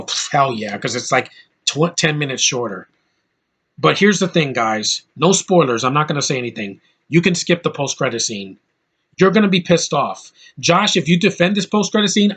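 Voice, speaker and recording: A man's voice: a little high, fairly bright tone, breathy edge. A man giving a blunt, ranting movie review in casual speech, with lots of fillers and restarts. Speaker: film reviewer.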